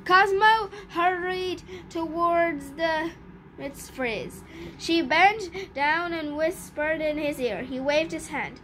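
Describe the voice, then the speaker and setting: A woman's voice: very high voice, slow, a bit bright, a little hiss or hum. A woman reading a children's storybook aloud, with small slips and restarts. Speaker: storybook reader.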